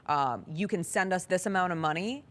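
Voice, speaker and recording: Low-voiced woman telling a story. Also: lively intonation, moderate pace, fairly bright tone. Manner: earnest storytelling, acts out quoted dialogue. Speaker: sports talk show host. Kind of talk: casual chat.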